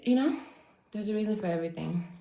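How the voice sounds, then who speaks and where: A woman in her thirties telling stories in an animated way, often laughing and mimicking others. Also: mid-range voice, fast, gravelly, roomy sound. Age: 30s. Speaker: YouTuber. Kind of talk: casual storytelling on a clip.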